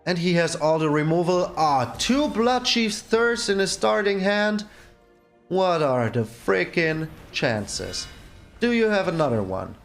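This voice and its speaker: A man's voice: high-pitched, big pitch swings, takes it slowly, a bit bright, soft background music. A man hosting his own gaming channel, giving casual gameplay commentary and exclaiming in exasperation at his bad luck.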